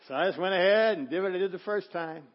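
A middle-aged male pastor preaching a sermon, telling a story with acted-out quotes and swinging from loud to hushed. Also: high-pitched, fast, highs cut off. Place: church sanctuary.

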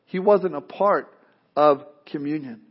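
High-voiced pastor preaching with animation. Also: male voice, a little slow. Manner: animated, acts out quoted voices, repeats words when starting. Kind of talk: sermon. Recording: dull lo-fi sound.

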